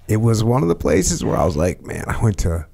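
A man's voice: fairly low pitch, big pitch swings, fairly quick, vocal fry, dark tone. A man hosting a podcast, answering with short, laid-back reactions. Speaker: podcast host. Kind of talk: casual interview chat.

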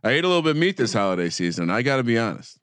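A man co-hosts a sports betting podcast with a lively, bouncing delivery. He teases his partner in a playful, mock-serious tone. The sound is dry and close. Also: mid-range voice, very fast, no room sound. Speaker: podcast co-host.

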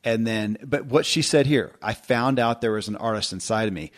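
Low-voiced rambling male podcast host. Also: moderate pace. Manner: rambling, self-deprecating, many restarts. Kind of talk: casual podcast conversation.

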